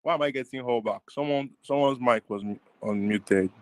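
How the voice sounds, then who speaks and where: A Nigerian man co-hosting an online webinar, talking fast and excitedly, mixing in Pidgin, laughing and repeating words. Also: medium pitch. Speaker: webinar co-host. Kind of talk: excited casual chat with Pidgin.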